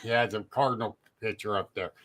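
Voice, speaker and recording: A man's voice: lowish voice, steady tone, brisk, a bit bright. A man hosting a talk show in casual chat, teasing his guests with jokes.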